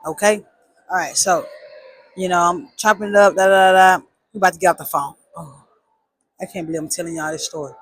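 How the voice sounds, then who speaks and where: A woman telling a personal story in a casual, animated way, with emphatic repeats and slang. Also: fairly low pitch, fairly quick, pauses often, breathy edge, dry recording.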